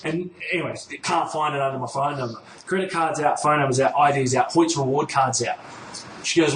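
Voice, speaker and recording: A man tells a story on a podcast, slightly high-pitched and loose-tongued. He acts out each side of the exchange and swears freely. The room is echoey, with a soft noise floor. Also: brisk. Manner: acts out both sides of the exchange, swears casually. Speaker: podcast host. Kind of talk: casual storytelling chat. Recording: roomy echo with faint noise.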